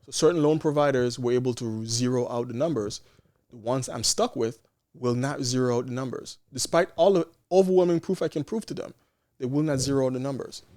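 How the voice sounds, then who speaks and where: A man's voice: medium pitch, a little fast, a little mellow. A man from Canada, a nurse and podcast guest, telling a story in casual chat and acting out quoted exchanges with frequent restarts.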